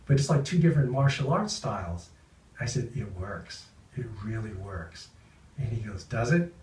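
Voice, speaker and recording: Animated male actor telling stories. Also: medium pitch, recorded from a distance, slight background noise. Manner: animated, acts out quoted voices. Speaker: actor interviewed. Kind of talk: anecdotal storytelling. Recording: roomy sound from off-mic.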